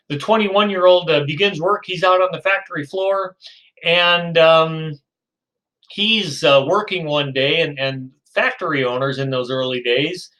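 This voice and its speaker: A man's voice: on the high side, fairly bright tone, poor audio. A male lecturer telling a story to his class, acting out the characters in quotes, with frequent fillers and restarts. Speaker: psychology lecturer.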